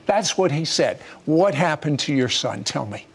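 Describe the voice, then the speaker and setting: Older man, TV host, animated pitch, emphatic, interviewing a guest. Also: slightly rough. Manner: emphatic, slows down to stress key facts. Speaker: TV show host.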